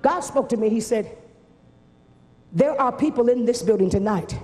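A woman's voice: a little high, normal speed, warm tone. Fervent woman preaching in a reverberant church. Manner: fervent, repetitive preaching cadence. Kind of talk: sermon. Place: large church at a live camp meeting. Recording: reverberant church hall with faint noise.

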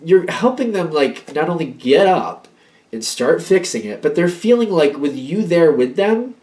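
A man giving a casual tarot reading. He talks in an animated, rambling way, repeating himself and acting out little pep talks. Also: medium pitch. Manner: animated, acts out little pep-talk quotes; rambling, repeats and restarts phrases. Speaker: tarot reader.

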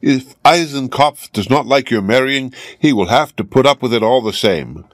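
A man's voice: mid-range voice, expressive, moderate pace, no room sound, studio quality, lightly acted. A man voicing a rich old father in a fairy tale, persuasive and offhand.

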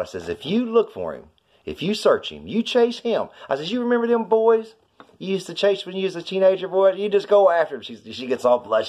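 A middle-aged man, telling a faith story in a rambling vlog, full of "you know" and "I says", his voice jumping high when excited. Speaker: vlogger telling a witness story. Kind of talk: casual storytelling testimony.

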